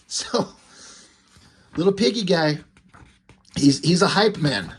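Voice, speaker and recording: A man's voice: high-pitched, takes it slowly, long pauses, husky. Rambling, amused man reviewing comics. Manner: rambling, amused, many fillers. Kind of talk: casual comic book review.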